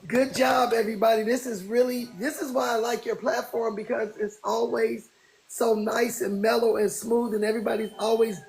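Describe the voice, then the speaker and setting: A woman, chatting casually on a phone and praising everyone with warm, loose swearing. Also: on the high side, fairly even intonation, normal speed, creaky, husky, poor audio. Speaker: listener calling in to a live audio chat. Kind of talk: casual chat.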